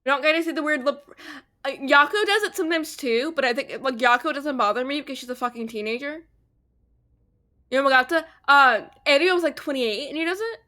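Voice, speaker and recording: A woman's voice: high voice, brisk, bright, forceful tone. A woman streamer giving casual, rambling and profane commentary while playing a game. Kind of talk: casual let's-play commentary.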